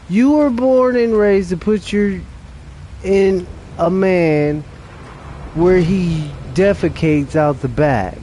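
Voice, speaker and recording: A man's voice: high-pitched, takes it slowly, dark tone, a little hiss or hum. A young adult man streaming a game late at night, chatting casually in a rambling, profane way with restarts.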